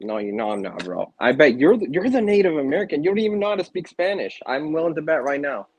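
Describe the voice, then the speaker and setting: A man's voice: a little high, big pitch swings, quick pace, darkish tone, breathy edge, no echo, poor audio. A man from Minnesota, co-hosting a podcast, fires back with defensive, sarcastic comebacks in casual banter. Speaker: podcast co-host. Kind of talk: casual trash-talk banter.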